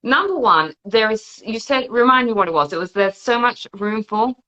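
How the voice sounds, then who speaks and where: A woman podcast host interviewing her guest, lively and often restarting her words. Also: fairly high pitch, normal speed, highs cut off. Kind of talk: casual video-call interview.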